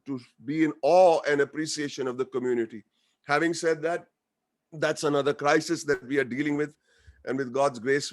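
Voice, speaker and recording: An Indian man talks to a webinar over a video call. His voice sits fairly high for a man. He mixes light jokes with earnest gratitude and moves freely between English and Hindi. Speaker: guest speaker, actor. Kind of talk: informal webinar speech.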